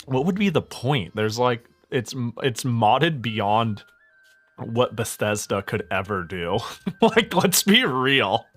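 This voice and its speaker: A man's voice: medium pitch, takes it slowly, faint music behind. Profane, ranting male streamer. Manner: profane, animated ranting with frequent laughs. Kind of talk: casual gaming stream chat.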